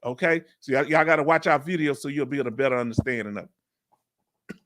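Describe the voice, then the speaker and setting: A man from Houston with a Southern accent hosting a casual veteran livestream Q&A, reading viewer comments aloud in slangy, animated talk. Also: mid-range voice, a little fast. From Houston, Texas.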